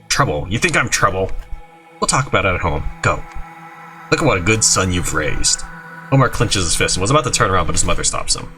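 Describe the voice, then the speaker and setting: Over soft background music, a man with a low voice speaks a little fast as he plays a video game for his YouTube channel. He animatedly reads its dialogue aloud, hopping between character voices and his own asides.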